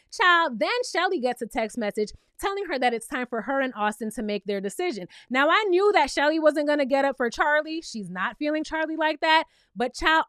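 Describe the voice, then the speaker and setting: A woman's voice: high voice, fairly bright tone, no room sound, clean studio sound. A young woman giving a casual, sassy recap of a reality TV episode. She talks straight to her viewers and keeps checking in with them. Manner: sassy, chatty, addresses viewers directly with frequent "okay?".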